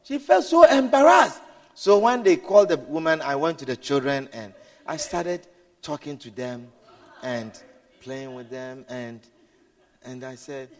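Preaching with a voice on the high side, this man moves from quiet storytelling to loud exclamations, repeating himself and working in hallelujahs and amens. The recording carries a long hall reverb.

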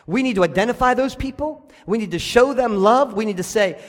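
A male pastor preaching a sermon to his church, emphatic, repeating key lines slowly. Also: very high voice, expressive. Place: church sanctuary. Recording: hall reverb.

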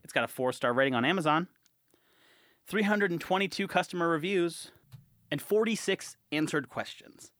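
A man co-hosting a podcast in casual banter, jokey and animated, laughing often and slipping into silly accents. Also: a little high, moderate pace, no room sound, studio quality. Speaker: podcast co-host.

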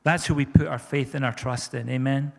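A man's voice: mid-range voice, fairly even intonation, brisk, creaky, in a large hall. A man preaching a sermon as pastor, fervent and repeating his phrases for emphasis.

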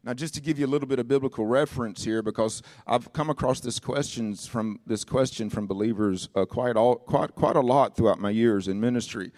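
A man's voice: medium pitch, a little fast, hardly any pauses, no echo. Impassioned male pastor, dry sound. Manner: impassioned, shouting and sing-song preaching that drops to asides. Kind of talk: sermon. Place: church.

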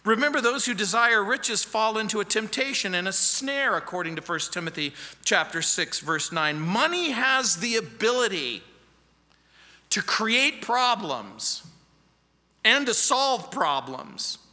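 A man's voice: high-pitched, very animated, a little slow, pushed and bright, long reverb tail. A man preaching a sermon as pastor, emphatic and fond of repeating key phrases. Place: church.

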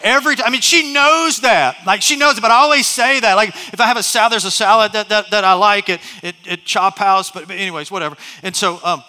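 A man's voice: high voice, fast talker, hardly any pauses, pushed and bright, long reverb tail. A middle-aged man preaching a sermon as pastor, telling stories with many restarts and asides. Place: large church hall.

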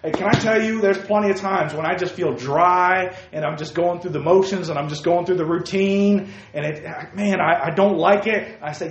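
A man with a somewhat high voice preaches to young people, firing rhetorical questions and calling listeners by name. He swings between loud exclamations and hushed asides. The recording is dull and roomy, with echo off the walls. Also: moderate pace, hardly any pauses, slight background noise. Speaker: youth preacher. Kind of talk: sermon.

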